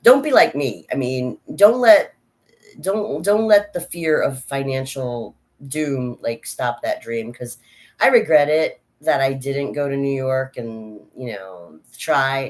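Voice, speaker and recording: Rambling, giggly woman chatting. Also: extremely low pitch. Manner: rambling, laughs often, frank. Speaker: vlogger. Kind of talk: casual personal chat.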